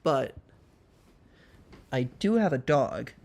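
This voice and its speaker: A man hosting a casual livestream from home, chatting playfully and rambling, and cooing at his dog in a high voice. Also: sing-song, slow pace, creaky, a little mellow. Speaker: livestream host.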